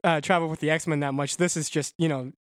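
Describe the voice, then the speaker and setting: A podcaster voicing a gruff, world-weary male mutant fighter while retelling a comic. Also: mid-range voice, fairly even intonation, fast, dry recording, studio quality, voice pushed down, natural voice.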